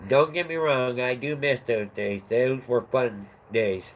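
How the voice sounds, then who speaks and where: A man's voice: medium pitch, unhurried, low-quality recording. A middle-aged man hosting a livestream, telling a rambling story in a casual chat and laughing at his own tale. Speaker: livestream host.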